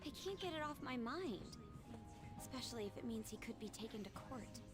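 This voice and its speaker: A woman's voice: a little high, animated, a little fast, natural voice. A woman voicing a serious, earnest teenage girl in a video game, over game music. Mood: worried. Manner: earnest, questioning.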